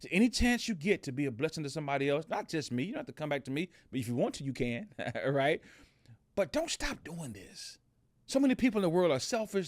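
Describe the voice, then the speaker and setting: Man telling a story on a podcast, fairly high voice. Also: no echo. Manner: conversational, storytelling, many fillers and restarts. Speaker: podcast host. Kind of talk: casual motivational podcast talk.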